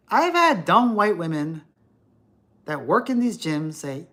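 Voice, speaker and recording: Animated, ranting middle-aged man. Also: high-pitched, slow, noisy background. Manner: ranting, profane, lecturing. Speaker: livestream host. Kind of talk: livestream rant.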